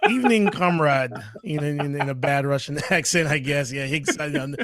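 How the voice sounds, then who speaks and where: A man's voice: a little high, little pitch movement, moderate pace, a bit bright, no room sound, studio quality. A man co-hosting a casual review podcast, talking eagerly with lots of fillers and restarts. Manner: hesitant, many fillers and restarts, enthusiastic. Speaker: podcast co-host.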